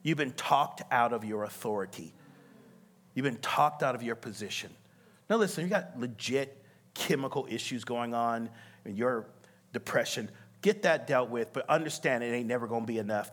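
A man preaching to a congregation, his pitch swinging high and low as he acts out the people in his story. He talks at a medium pitch with quick bursts of laughter and frequent calls of "come on" and "amen". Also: a bit bright. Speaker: pastor. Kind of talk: sermon.

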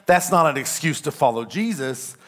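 A man preaching a sermon in church, emphatic, with call-and-response lines that rise to shouts on key points. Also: on the high side, lively intonation, moderate pace. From California. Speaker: pastor. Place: church sanctuary.

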